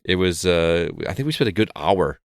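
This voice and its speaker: A man's voice: sits low, normal speed, no echo, clean studio sound. A man hosting a casual podcast, chatting easily and reading out the show's plugs. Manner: relaxed and chatty, reads show plugs. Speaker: podcast host.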